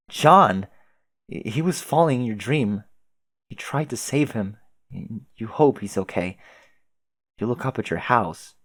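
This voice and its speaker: Low-voiced man reading aloud, dry close sound. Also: no room sound. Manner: reads chat logs aloud in a deadpan voice, laughing between them. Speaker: reader of a webcomic. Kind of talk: casual read-aloud with reactions.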